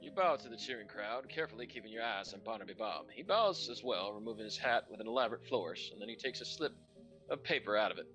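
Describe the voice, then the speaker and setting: A man reading a game's narration aloud in a steady storybook way on a stream. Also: on the low side, quick pace, highs cut off, faint music behind. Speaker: narrator reading game text.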